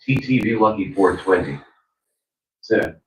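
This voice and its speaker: Synthetic male chat reader, very low, mechanical, distant and roomy. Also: measured pace. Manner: flat, mechanical reading of usernames and chat messages. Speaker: text-to-speech chat reader. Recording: distant, echoey, slightly noisy.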